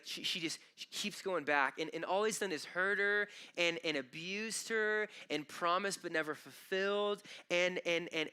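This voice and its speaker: A man preaching a sermon in a bright, forceful voice that sounds smooth and crisp. His pitch sits a little high for a man. He talks to the congregation conversationally, with emphatic repeated starts. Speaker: pastor. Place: church auditorium.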